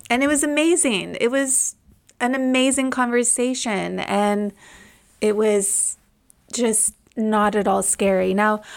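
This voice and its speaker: A woman's voice: medium pitch, gravelly. A woman in her thirties hosting a podcast, telling a personal story in a reflective, heartfelt way. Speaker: podcast host.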